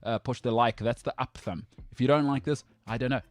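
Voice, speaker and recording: Brash South African-based sports host. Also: male voice, medium pitch, fairly even intonation, brisk, no echo. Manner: brash, emphatic, jokey rants. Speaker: sports talk show host. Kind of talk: opinionated sports talk banter.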